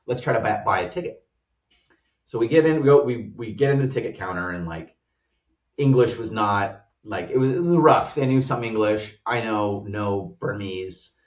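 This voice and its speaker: American male guest, animated rambling anecdote, mic set back, dull lo-fi sound. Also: fairly low pitch, normal speed. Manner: animated, rambling storyteller with many "like" fillers. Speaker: startup co-founder guest. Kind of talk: casual travel storytelling. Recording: roomy, distant, dull-sounding audio.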